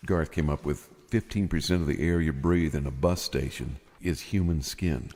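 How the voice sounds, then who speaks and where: A man's voice: rumbling low, steady tone, moderate pace, a little mellow, long reverb tail. A man hosting a casual chat show, laughing often and chatting easily. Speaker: host.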